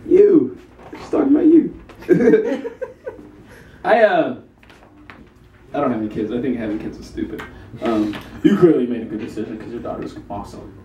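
A man's voice: medium pitch, very animated, normal speed, pauses often, mellow, muffled recording, slight background noise. A young man doing a live stand-up set in a small café, self-deprecating and chuckling through his own lines. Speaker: stand-up comedian. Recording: echoey room, distant mic.

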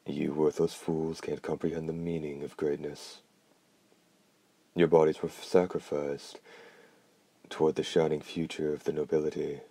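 A man's voice: a bass voice, level tone, normal speed, pauses often, warm tone, breathy edge, no echo, exaggerated voice. A man reading the part of an arrogant vampire duke with a contemptuous, commanding manner.

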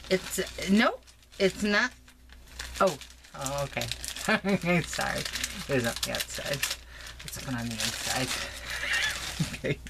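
Woman vlogger, deep voice, very lively pitch, gushing and excitable, hissy home recording. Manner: gushing, excitable, laughs often. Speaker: crafting vlogger. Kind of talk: casual unboxing chat. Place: home craft room.

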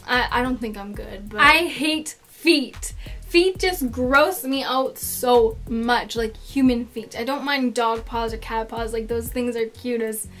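A teenage girl chatting casually in a get-to-know-me vlog, telling stories with lots of "like" fillers. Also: a little high. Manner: chatty, dramatic storytelling with many "like" fillers.

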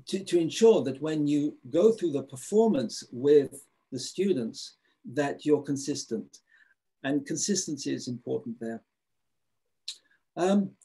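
On a video call, a man leads a live webinar in a husky, darkish voice that sits on the high side. He sounds eager, repeatedly restarting his sentences and leaning on fillers.

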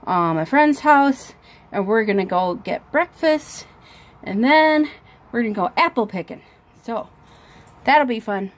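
A young woman chatting casually through a daily vlog, talking about her plans with lots of "like" thrown in. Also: a little high. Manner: chatty and unhurried, peppered with "like". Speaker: vlogger.

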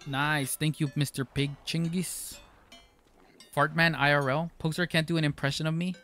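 A man's voice: a little high, steady tone, moderate pace, a bit bright, soft background music. A man streaming a game live, chatting playfully with his viewers, joking and laughing often, sometimes slipping into mock-formal phrasing. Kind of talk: live gameplay commentary, reading chat.

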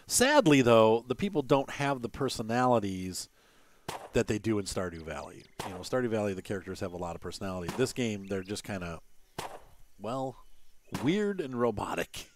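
A man's voice: mid-range voice, slight background noise. Rambling man talking over gameplay. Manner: rambling, thinking aloud with many fillers; chuckles between remarks. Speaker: gaming channel host. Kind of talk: casual gameplay commentary.

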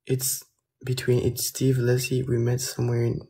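A native French speaker from France chats casually on a phone livestream, replying to viewer comments with a French accent. His mid-range voice is monotone and moderately paced, soft and hesitant, often trailing off.

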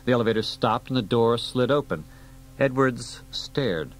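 A man reading an audiobook aloud in a steady storytelling delivery. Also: medium pitch, moderate pace, poor audio. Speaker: audiobook reader. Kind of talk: audiobook narration.

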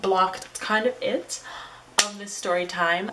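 A woman's voice: fairly low pitch, measured pace, distant mic, background noise. A woman YouTuber chatting casually through a storytime vlog, with casual slang and swearing.

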